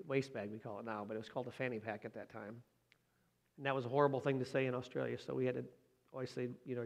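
A man preaching a sermon in a conversational way, often asking his listeners questions. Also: mid-range voice. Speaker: pastor.

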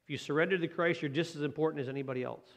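A man's voice: a little high, rapid-fire. A man giving a conversational sermon as pastor, often asking the congregation questions.

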